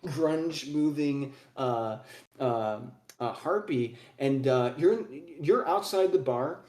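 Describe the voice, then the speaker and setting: A man's voice: mid-range voice, slow pace, darkish tone, reverberant. A man narrating as game master of a tabletop game, rambling with many fillers and restarts.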